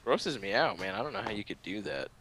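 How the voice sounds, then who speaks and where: Bright-voiced man, loose and swearing. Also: on the low side, big pitch swings, quick pace, slight background noise. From United States. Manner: loose, swearing, laughs readily. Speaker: podcast co-host. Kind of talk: casual chat.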